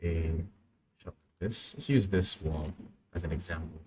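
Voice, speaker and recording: A young man chats half to himself as he works through a live stream, his voice sitting very low and relaxed. He mutters and restarts his thoughts casually, close to a desk mic. Faint room hum and mouse clicks sit behind him. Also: measured pace. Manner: muttering, thinking aloud while working.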